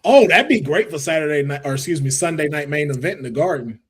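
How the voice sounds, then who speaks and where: A man co-hosting a casual wrestling watch-along, animated and joking as he riffs with friends. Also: a little high, breathy edge. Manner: animated, joking, quick to riff. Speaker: wrestling show co-host.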